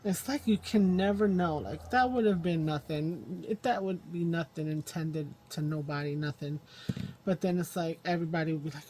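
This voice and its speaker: A woman with a lowish voice talks through her craft project in a loose, rambling way, thinking out loud as she works with her hands. It's casual vlog chatter from a home craft table, with a faint hum of room noise behind her. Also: moderate pace. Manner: rambling self-talk while working with her hands. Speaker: crafting channel host.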